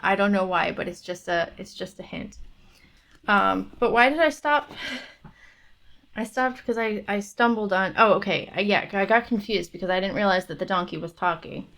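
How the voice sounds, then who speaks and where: A woman's voice: mid-range voice, normal speed, vocal fry, fairly bright tone. A woman reading a folk tale aloud for her book club stream, stopping for chatty asides. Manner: chatty, thinks aloud between passages.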